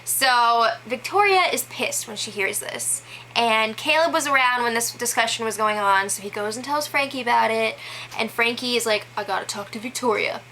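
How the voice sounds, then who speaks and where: Bright-voiced chatty woman recapping gossip. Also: fairly high pitch, moderate pace, slight background noise, low-quality recording. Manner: chatty, many "like" fillers, laughs between quotes. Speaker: show recap host. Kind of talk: casual spoken recap.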